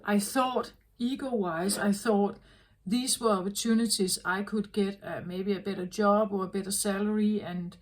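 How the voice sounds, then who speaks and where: A woman tarot reader talking in a slow, earnest, reflective way, often repeating herself as she works through a thought. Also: medium pitch, steady tone, poor audio. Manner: slow, repetitive, earnest, self-correcting. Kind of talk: reflective spoken reading.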